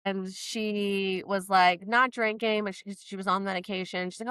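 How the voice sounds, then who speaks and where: A woman co-hosting a podcast, telling a personal story in casual chat, animated and full of "like" fillers. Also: medium pitch, normal speed, smooth, dry recording. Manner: animated, quotes herself in lively voices; frequent fillers "like". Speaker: podcast co-host.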